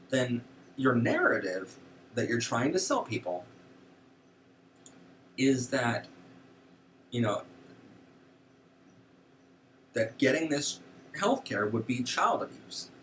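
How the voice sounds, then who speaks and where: Casting: indignant male host, lively up-and-down delivery, a little off-mic. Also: mid-range voice, unhurried, long pauses, distant mic, slight background noise. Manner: animated, indignant, frequent fillers. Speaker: show host. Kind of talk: casual political commentary.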